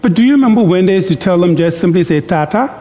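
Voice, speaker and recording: This preacher's voice sits high but has a dark tone, and a long reverb tail trails his words. Giving an interactive church sermon, he jokes, draws the congregation into call-and-response, and reads scripture in a slow, deliberate way.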